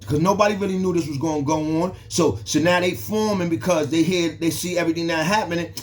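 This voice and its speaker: A man's voice: fairly high pitch, quick pace. Slangy New man telling stories. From the Bronx, New York. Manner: loose, repetitive, slangy, frequent restarts. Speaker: storyteller. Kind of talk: casual street storytelling.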